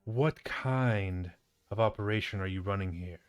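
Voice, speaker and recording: A man voicing a haughty, scheming drow envoy who talks down coldly and quickly. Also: fairly low pitch, clear, resonant tone, close to an everyday voice. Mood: scornful. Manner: cold, condescending, quick.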